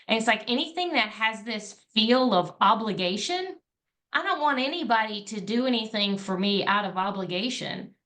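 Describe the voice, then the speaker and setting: A woman hosts a podcast in a relaxed, chatty way. Her voice sits at an average pitch, and she talks earnestly, leaning on "like" and "you know" as she thinks aloud. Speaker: podcast host. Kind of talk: casual conversation.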